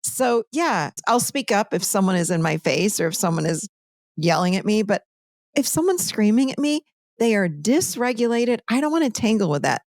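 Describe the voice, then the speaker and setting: A woman's voice: mid-range voice, sing-song, moderate pace, a little mellow, dry recording, clean studio sound. A woman coach talking emphatically in a casual interview, repeating her points for stress.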